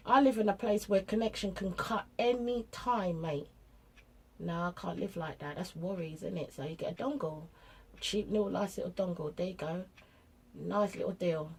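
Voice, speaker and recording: A parent vlogger, middle-aged and British, talks casually and bluntly about raising kids, slang-heavy, acting out conversations with her family. Her voice sits at medium pitch, a little mellow and husky, at normal speed, and the recording quality is low.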